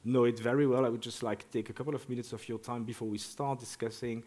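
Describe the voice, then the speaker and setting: A man of middle pitch giving a conference presentation as a project director. He stumbles through his sentences, repeating short words several times before moving on. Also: steady tone, fast, a little mellow.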